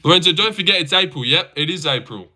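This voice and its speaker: A man's voice: on the high side, expressive, fast talker, bright, forceful tone. A young man hosting a livestream who chats loosely and crudely, swearing, answering chat and stumbling over his words. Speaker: livestream host reacting to fights.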